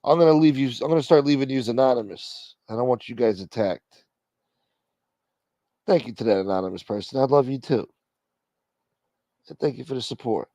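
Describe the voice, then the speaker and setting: A man hosting a mock church livestream, brash and profane, dropping to a mumble and then bursting out loud. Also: medium pitch, a little fast, pauses often, dry recording. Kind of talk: casual comedic livestream banter.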